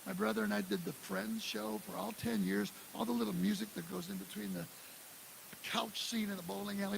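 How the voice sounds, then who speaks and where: A man in his sixties from the Detroit area, telling animated stories at a live drum clinic in a music store. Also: sits high, a little fast, creaky, low-quality recording. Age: 60s. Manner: animated storyteller who acts out quotes and scats drum parts. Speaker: guest drummer giving a clinic. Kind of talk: live clinic talk and storytelling. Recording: live room with steady hiss.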